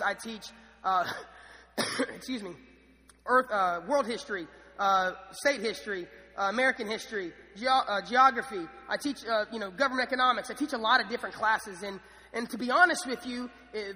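A man's voice: very high voice, bright, forceful tone. A young man preaching a sermon in a church, enthusiastic and casual, with frequent restarts and fillers. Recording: church hall reverb.

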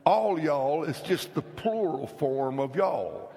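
A man from North Carolina, preaching an emphatic revival sermon that swings between loud, shouted lines and hushed whispers. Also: fairly high pitch, animated, slow, creaky, in a large hall, a little hiss or hum. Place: church sanctuary.

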